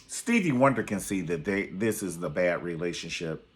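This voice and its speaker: A man's voice: low-pitched, lively intonation, moderate pace. A man reviewing a reality show in a sassy, theatrical way, calling everyone honey. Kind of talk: casual commentary video.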